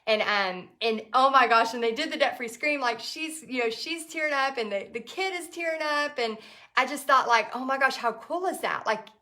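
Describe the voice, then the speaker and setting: A woman's voice: sits high, moderate pace, sharp tone. A woman, chatting in a rambling, emotional way with many fillers while she paints live for viewers. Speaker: painting instructor hosting a live stream.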